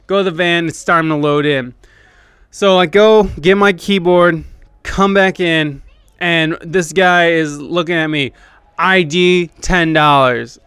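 A young man with a slightly high, smooth, clear voice tells a rambling, foul-mouthed story in a casual podcast monologue. He mocks himself as he goes, and the sound is close and dry, with no room around it. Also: a bit bright, dry recording. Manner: rambling, profane, self-deprecating. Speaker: podcast host and band keyboardist.

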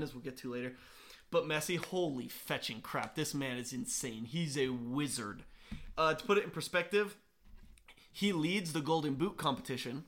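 A man's voice: fairly high pitch, sharp tone. A young man co-hosting a sports podcast, chatting enthusiastically and laughing often. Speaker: podcast co-host. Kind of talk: casual sports chat.

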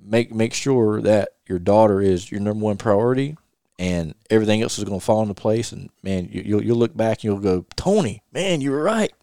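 A man's voice: on the low side, steady tone, brisk, creaky, warm tone, clean tone, no room sound, studio quality. A middle-aged man from North Carolina, a podcast host earnestly telling a personal story and retelling advice he got. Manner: earnest, repeats himself, quotes advice at length. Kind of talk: casual chat, personal storytelling.

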